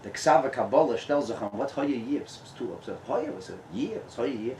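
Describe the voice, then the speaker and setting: A man, a rabbi, giving a lively Torah talk at a gathering, mixing in Hebrew and Yiddish terms and laughing often. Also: mid-range voice, brisk, slight background noise. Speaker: rabbi, guest speaker. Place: tent. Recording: echoey and distant room sound.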